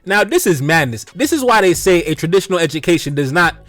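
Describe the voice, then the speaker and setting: A man's voice: fairly high pitch, big pitch swings, quick pace, fairly bright tone, dry recording, soft background music. A man hosting a reaction video who preaches to his audience, laughing often and repeating exclamations. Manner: preachy, addresses "brothers" directly. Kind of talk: commentary on social media posts.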